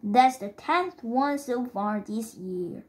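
A woman's voice: a little high, animated, slow, darkish tone. A woman reading the lines of a flustered, exasperated middle-aged father in a storybook.

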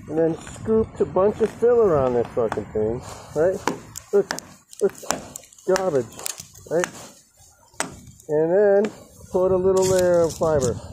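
A man working on a boat repair, grumbling and cursing in rambling asides to the viewers while holding the camera in one hand. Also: on the high side. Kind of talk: casual work vlog. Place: outdoors at a boat under repair. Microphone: handheld camera held in one hand. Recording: clear outdoor background noise.

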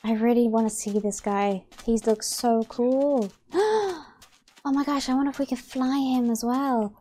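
A young woman commenting on her own game play, excitable and gasping, rambling as she plays. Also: on the high side, a little slow. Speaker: gaming YouTuber.

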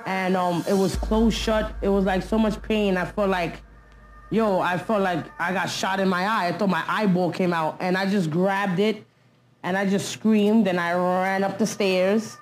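A woman's voice: mid-range voice, fairly even intonation, unhurried, faint music behind. Woman telling a story in street slang. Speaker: interviewee. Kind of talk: candid documentary interview.

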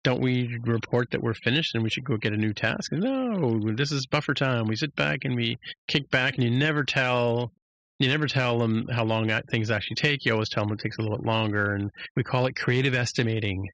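A man co-hosting a podcast, recapping an episode in casual chat with many restarts and jumping to a higher voice to act out lines. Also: a little fast, a bit bright, no room sound.

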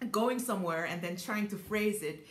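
A woman's voice: mid-range voice, moderate pace, a little hiss or hum. Woman pianist teaching, roomy sound. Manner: thoughtful, many ums, sings rhythms aloud. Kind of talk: piano masterclass explanation. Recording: roomy echo with piano playing.

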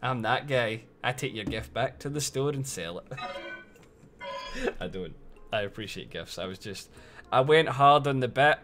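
Loud swearing Scottish man streaming. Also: medium pitch, animated, moderate pace, pauses often, faint music behind. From Scotland. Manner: loud, swears a lot, playful mock outrage. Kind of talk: casual live-stream commentary.

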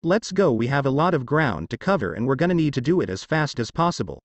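A man's voice: medium pitch, big pitch swings, fast talker, no room sound, highs cut off. A man voicing an authoritative adult ninja uncle in a storybook reading. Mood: weary.

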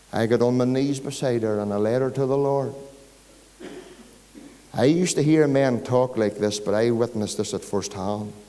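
A man's voice: on the low side, dark tone. A man with a Northern Irish accent preaching an evangelistic sermon, telling a story and rising to emphatic peaks. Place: large church hall. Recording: church hall reverb.

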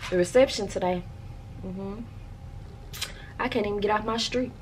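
Woman vlogger, animated home chat to camera, mid pitch, faint room hum. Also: moderate pace. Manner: animated, talks straight to viewers. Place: at home, indoors.

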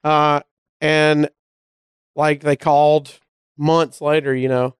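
A man from Alabama with a Southern drawl spins a story in casual talk, slipping in quick voices for the people in it. His voice is very smooth and clear, sitting a little high, and the sound is dry and close. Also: no echo. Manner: animated anecdotes, acting out the voices of people in the story. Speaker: comedian guest.

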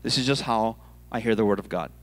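A pastor from Hawaii delivers a sermon from a church stage, spinning the story with playful animation and repeating words along the way. His voice runs on the low side, and he talks fast.

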